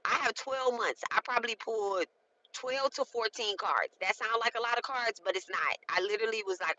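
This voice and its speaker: A woman's voice: medium pitch, moderate pace, bright, forceful tone, no room sound, poor audio. A woman in her late thirties talking casually and emphatically through a spiritual ritual, often checking in with her listeners. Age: 30s. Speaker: spiritual content creator. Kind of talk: casual spoken ritual walkthrough.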